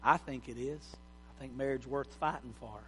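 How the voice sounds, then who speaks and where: A man's voice: mid-range voice, steady tone, normal speed, a little hiss or hum. A middle-aged man preaching a sermon in a folksy, joking, plain-spoken way. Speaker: pastor. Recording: hall reverb.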